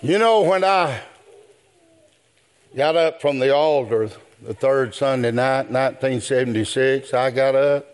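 An older man, preaching a sermon in a rhythmic style that builds to shouts. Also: medium pitch, a little slow, clean tone.

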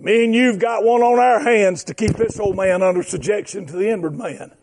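High-voiced preacher man shouting. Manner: fervent, shouting, drawn-out emphatic phrases. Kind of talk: sermon.

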